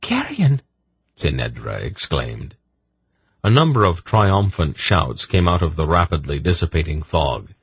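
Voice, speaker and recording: A man narrating a fantasy audiobook in a measured storytelling manner. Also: extremely low pitch, expressive, a bit bright, husky, no room sound. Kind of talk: scripted narration.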